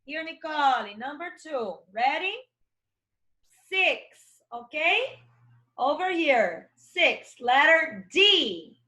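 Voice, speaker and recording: A woman's voice: sits high, animated, slow pace, pauses often, pushed and bright. A young adult woman with a Brazilian Portuguese accent, teaching English to children in an online lesson and spelling words out letter by letter with encouragement.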